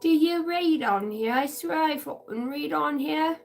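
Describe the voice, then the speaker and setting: A woman's voice: high-pitched, unhurried, vocal fry, faint music behind. Chatty, profane woman vlogger. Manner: profane, laughs often, jumps between stories. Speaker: channeler and card reader. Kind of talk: rambling casual vlog chat.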